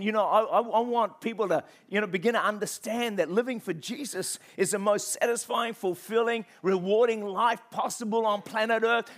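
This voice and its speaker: A man preaching a sermon in church, swinging from quiet reflection to loud, impassioned calls and repeating phrases for emphasis. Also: sits high. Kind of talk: passionate sermon.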